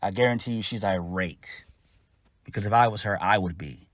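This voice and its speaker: A man's voice: on the low side, moderate pace, a bit bright, no room sound. A man giving a casual solo wrestling review, blunt, exasperated and profane.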